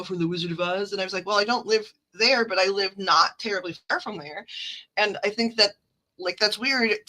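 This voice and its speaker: A woman with a Midwestern accent chats on a livestream, rambling through stories full of fillers and asides. Her voice is bright and forward. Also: mid-range voice, rough recording. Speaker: livestream card reader. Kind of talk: casual livestream chat.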